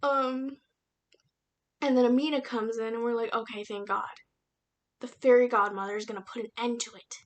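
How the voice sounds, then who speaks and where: A woman's voice: on the high side, quick pace. Chatty young woman reviewing a book. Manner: chatty, animated retelling with slang and fillers. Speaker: book reviewer and aspiring writer. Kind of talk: casual book review vlog.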